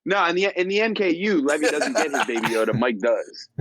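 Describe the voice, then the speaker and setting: A man's voice: a little high, sing-song, a little fast, a bit bright, no echo. A man co-hosting a podcast, chatting casually in a rambling, joking way with plenty of swearing. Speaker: podcast co-host.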